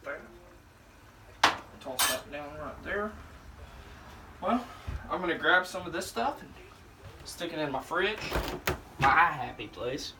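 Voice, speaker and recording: A young man in his twenties from Alabama rambling and joking in slang while he cooks, pitching himself for a cooking show. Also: expressive, slow pace, long pauses. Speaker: show applicant. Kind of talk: casual audition vlog while cooking. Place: home kitchen. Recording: echoey kitchen, voice from far off, faint noise.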